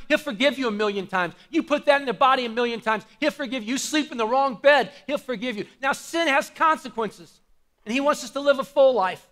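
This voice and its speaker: High, bright-voiced fervent preacher man. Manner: fervent preaching that swings from hushed to shouted. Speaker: pastor. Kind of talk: sermon. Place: church service with a congregation.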